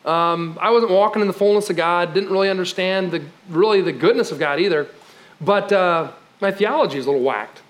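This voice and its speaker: Preaching briskly, a male pastor delivers his sermon in a conversational, emphatic manner, shifting between loud exclamations and hushed, low passages with light laughter.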